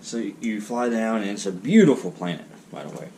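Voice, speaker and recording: A man's voice: lowish voice, animated, brisk, mellow, slight background noise. A man narrating as game master of a tabletop role-playing game, joking and laughing often.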